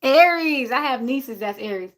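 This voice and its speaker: A woman from Jersey City, USA, hosts a livestream, chatting casually with her viewers and her dog. Her high-pitched voice is animated and fairly bright, at a normal speed.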